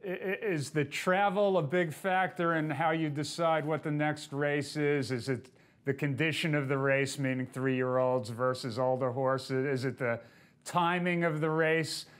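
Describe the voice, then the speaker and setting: A man's voice: fairly high pitch, fairly even intonation, measured pace, a bit bright. A man hosting a show and interviewing a guest, asking earnest questions that start with small stumbles.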